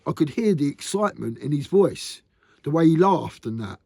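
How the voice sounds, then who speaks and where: A man's voice: a little high, lively intonation, moderate pace, vocal fry, mellow, dry recording. Earnest man, rambling vlog. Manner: rambling and earnest, often ending lines with "mate". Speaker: vlogger. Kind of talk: candid confessional vlog.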